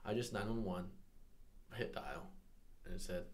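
A man's voice: low voice, steady tone, normal speed, long pauses. Laughing, rambling man telling a story. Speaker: podcast co-host. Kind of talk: casual chat.

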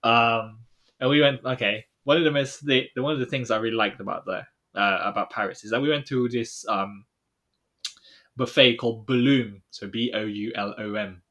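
Chatting casually on a podcast he co-hosts, a young man tells the story of a trip, wandering through it with many fillers and letting his sentences fade out softly. He speaks at a moderate pace in a mid-range voice.

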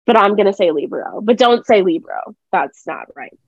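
A woman's voice: mid-range voice, expressive, fairly quick, dry recording, highs cut off. A young adult woman co-hosting a podcast, talking casually and emphatically. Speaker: podcast co-host. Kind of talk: casual chat.

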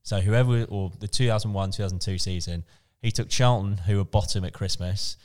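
A man's voice: on the low side, steady tone, a little fast, darkish tone. A man co-hosting a podcast, chatting casually and rambling with fillers and restarts. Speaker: podcast co-host. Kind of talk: casual chat.

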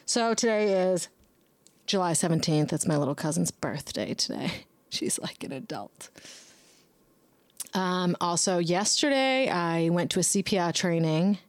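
Blunt, foul-mouthed woman rambling with low pitch. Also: expressive, moderate pace, dry recording. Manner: swears heavily, rambling and blunt; talks back to herself by name. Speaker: podcast host. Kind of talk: casual monologue.

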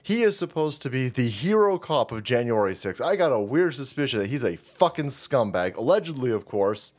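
A man's voice: medium pitch, big pitch swings, brisk. A man hosting a commentary show, delivering a foul-mouthed, mocking political rant.

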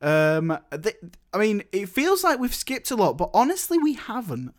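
A man co-hosting a relaxed film podcast, laughing easily as he talks. His voice is high for a man. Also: moderate pace. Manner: laughs often, easygoing. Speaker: podcast co-host. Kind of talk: casual film discussion.

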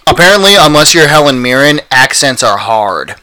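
A man co-hosting a podcast drops in quick joking remarks during casual chat. His voice sounds bright and sharp. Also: medium pitch, big pitch swings. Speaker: podcast co-host.

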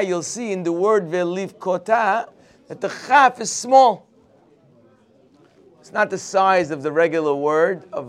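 A man teaching a morning Torah class, telling the story expressively and mixing Hebrew quotes with English. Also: high voice. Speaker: religious teacher.

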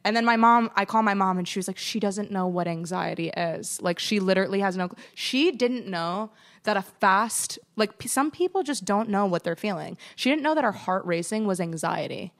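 A woman co-hosting a podcast, chatting casually and telling lively stories, acting out what others said. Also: mid-range voice, normal speed. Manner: animated storytelling, acts out quoted voices. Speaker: podcast co-host. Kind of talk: casual chat.

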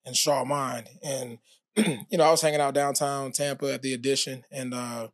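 A man, a former pro athlete, telling his story as a podcast guest in a relaxed, casual way with many fillers. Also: mid-range voice, normal speed, no echo, studio quality. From United States. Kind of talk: casual interview talk.

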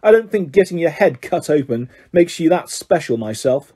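Man reading as arrogant schoolboy bully; scathing, sneering, mellow and husky. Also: fairly high pitch, sing-song, normal speed.

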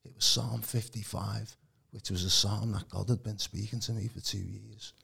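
A man telling his personal testimony in a casual, animated way. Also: on the low side, normal speed, vocal fry, breathy edge. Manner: animated, acts out quoted voices, calls the host mate. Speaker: guest giving testimony. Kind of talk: casual storytelling.

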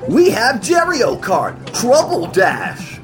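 An over-the-top advert announcer, played by a performer hyping an arcade with swinging pitch. Music plays clearly underneath. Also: very animated, slow. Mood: hyped. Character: booming hype announcer of a spoof ad.

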